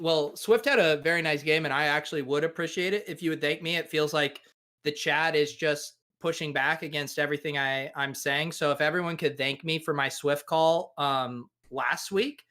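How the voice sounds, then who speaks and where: Man, co-host, bright tense tone, sarcastic, mock boasting, casual chat. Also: on the high side, fairly even intonation, moderate pace.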